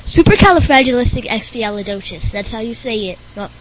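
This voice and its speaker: Slow-talking, teasing woman podcaster. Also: medium pitch, expressive, heavy background noise. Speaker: podcast host. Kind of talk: playful homemade podcast.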